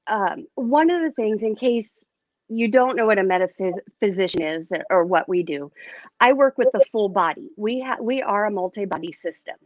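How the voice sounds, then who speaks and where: A woman speaking as an interview guest and metaphysician, telling her story in a candid, expressive way. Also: mid-range voice, moderate pace, dry recording, lo-fi sound. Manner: candid and expressive, lively retelling.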